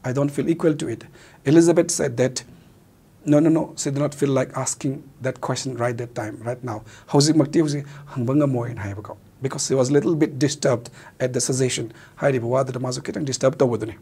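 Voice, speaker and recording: A male teacher with a Manipuri accent walks through a play, switching between Meitei and English and stopping to gloss words. His voice is husky at an ordinary middle pitch. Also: steady tone, fast talker, warm tone. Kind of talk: explaining a play in a recorded lesson.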